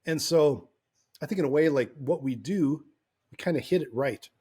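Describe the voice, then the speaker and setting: A man's voice: fairly high pitch, normal speed, a little mellow, breathy edge. Rambling man co-hosting a podcast. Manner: rambling, full of restarts and likes. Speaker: podcast co-host. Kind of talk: casual podcast chat.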